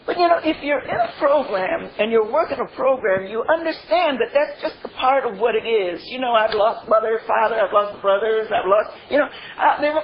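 A woman's voice: on the high side, expressive, moderate pace, hardly any pauses. An older woman sharing a heartfelt personal testimony, laughing through her stories and often saying "you know", on a dull lo-fi recording. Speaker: speaker sharing a recovery testimony. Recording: dull lo-fi recording with faint noise.

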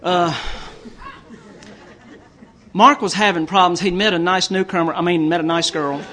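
A middle-aged man from Tennessee speaks at a recovery meeting, spinning stories and jokes in a loose, rambling way. His voice sits high for a man, and he stumbles over and repeats his words as he goes. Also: fairly even intonation, moderate pace, crowd noise. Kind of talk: storytelling talk with jokes.

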